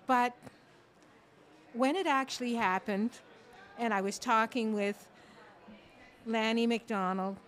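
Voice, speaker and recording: A woman from Ontario, a podcast guest and foundation co-founder, telling a personal story in a slow, reflective way. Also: fairly high pitch. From Ontario, Canada. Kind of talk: conversational storytelling. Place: sports bar studio.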